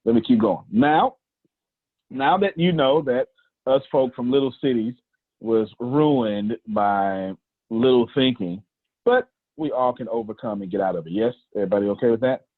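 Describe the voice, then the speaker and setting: A man's voice: medium pitch, normal speed, husky, no room sound. A man leading a group coaching call, emphatic, preachy and slangy, teasing his listeners as he goes. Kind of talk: lively coaching talk on a video call. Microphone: video call audio. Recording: tinny, dry call audio.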